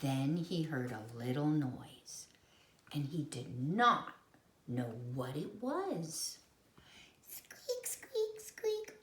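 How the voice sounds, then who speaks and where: A woman reads a children's picture book aloud at a very slow, deliberate pace, her pitch rising and falling in a lively sing-song. She voices the story's noises herself in a playful way, and the room around her rings with echo. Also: slight background noise. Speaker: storybook reader and teacher. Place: at home. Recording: echoey room.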